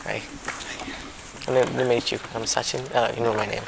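Man leading a group talk, gravelly voice, soft-spoken, apologetic, faint room noise. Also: mid-range voice, flat delivery, normal speed. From a warm-climate country. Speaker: discussion leader. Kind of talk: small-group discussion. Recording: background noise.

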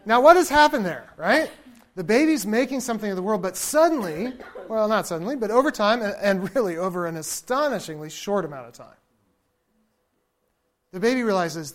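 A man lecturing to a room in a loose, talky way, turning to his listeners for agreement and laughing lightly at his own asides. He is lively and informal, and now and then he imitates a baby's babble to make a point. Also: sits high, brisk. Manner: conversational, checks in with the audience; animated, chuckles often. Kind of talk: lecture to an audience.

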